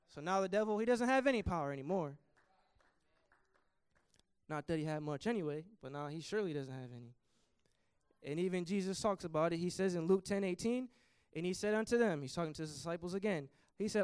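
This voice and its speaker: A man's voice: sits high, expressive, brisk, clean tone, no room sound, studio quality. A young man preaching a youth sermon, passionate and rising in volume when he quotes scripture. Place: church.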